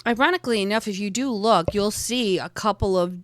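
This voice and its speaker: A woman's voice: mid-range voice, brisk, no echo. A woman narrating a tabletop game as game master, describing scenes casually with fillers.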